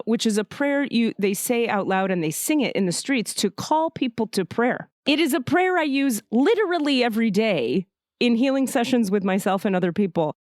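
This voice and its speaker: A woman host telling a personal story in casual, emotional, profane talk, often jumping up in pitch for quoted thoughts. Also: no echo, clean studio sound.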